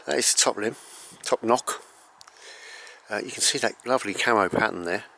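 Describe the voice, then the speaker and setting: A man hosting an archery channel, talking casually and rambling with many ums and self-corrections while reviewing a bow outdoors in bright sun. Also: on the low side, normal speed, gravelly, a little hiss or hum. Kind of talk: casual unscripted gear review.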